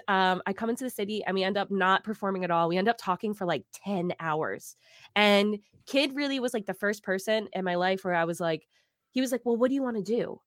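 Woman guest, animated storyteller who acts out every exchange; mid pitch, dry close recording. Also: no room sound. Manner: animated, acts out dialogue, many "like"s. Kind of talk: casual storytelling in conversation.

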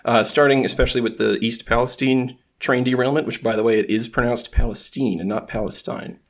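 A man's voice: mid-range voice, fairly even intonation, fairly quick. A man from the United States chatting casually on a podcast, rambling with lots of fillers. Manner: rambling, filler-heavy, self-deprecating.

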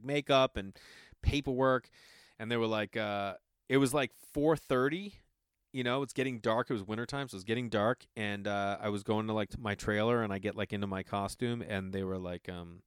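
A man's voice: on the low side, fairly bright tone, smooth, dry recording, clean studio sound. A man, an actor, telling a casual anecdote in a rambling way, with a constant filler 'like'.

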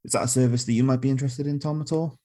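A young man co-hosting a casual comedy podcast, reading silly sponsor ads in a dry, deadpan way. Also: mid-range voice, very fast. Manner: dry, deadpan delivery of mock ad reads. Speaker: podcast co-host.

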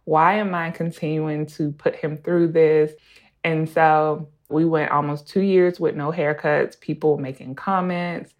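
A woman's voice: deep voice, steady tone, measured pace. A mother in her thirties telling a personal story in a casual, chatty way. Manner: casual, conversational, laughs while telling.

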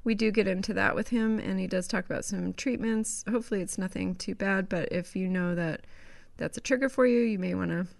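A woman's voice: medium pitch, brisk, vocal fry, few pauses, darkish tone, no echo. A woman co-hosting a podcast, chatting casually and hesitantly with many fillers. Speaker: podcast co-host. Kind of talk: casual chat.

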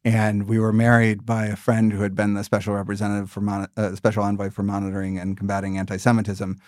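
A man in his thirties from the United States gives long, thoughtful interview answers, often restarting his sentences. His voice sits low. The recording is dry and close. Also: monotone, darkish tone, dry recording. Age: 30s. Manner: measured, thoughtful, with many restarts. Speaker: political candidate, former ambassador.

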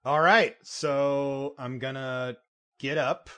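A man's voice: mid-range voice, steady tone, slow pace, bright, forceful tone, smooth. A man playing a tabletop game, laughing and acting out his character's lines. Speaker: player. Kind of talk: tabletop role-play.

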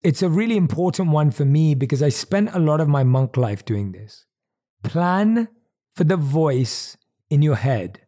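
A man's voice: a little high, expressive, measured pace, dark tone. A man hosting a podcast in a motivational monologue, earnest and emphatic, repeating key phrases, recorded on a desk microphone. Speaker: podcast host. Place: at his desk.

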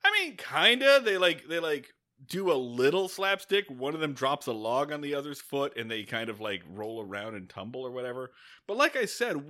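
A man co-hosting a podcast, recapping a film in casual, excitable chat, swearing freely. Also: medium pitch. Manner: excitable, swearing, animated retelling with acted-out quotes. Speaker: podcast co-host. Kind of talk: casual movie-review chat.

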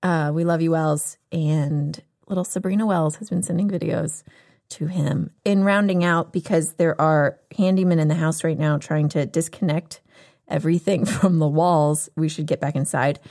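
A woman with a notably low voice hosts a casual podcast chat. She is talkative and laughs easily as she tells her stories. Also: fairly even intonation, moderate pace, gravelly, darkish tone. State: pregnant, on bed rest. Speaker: podcast host.

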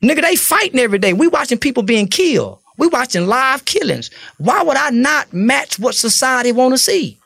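Blunt, profane man with a gravelly voice. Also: very high-pitched, very animated, moderate pace, few pauses, fairly bright tone, dry recording. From Fort Worth, Texas. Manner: blunt, profane, preachy street talk. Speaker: interview guest. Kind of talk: casual interview talk.

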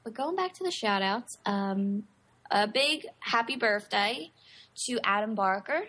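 A woman's voice: medium pitch, animated, measured pace, a bit bright. A woman co-hosting a podcast in casual chat, chatty with lots of fillers. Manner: chatty, giggly, filler-heavy. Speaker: podcast co-host.

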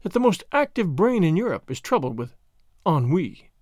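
A man reading an audiobook, voicing a sly, sarcastic French agent who speaks quietly with mock gallantry. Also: high voice, very animated, moderate pace, dry recording, studio quality. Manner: quiet, smooth, mockingly gallant. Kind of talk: audiobook character voice.

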